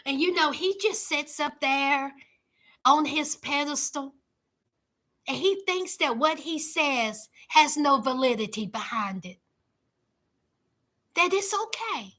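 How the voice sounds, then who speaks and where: High, bright-voiced sassy woman. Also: animated, takes it slowly. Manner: sassy, emphatic, talks to viewers as y'all and honey. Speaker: commentary host. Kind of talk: casual livestream commentary.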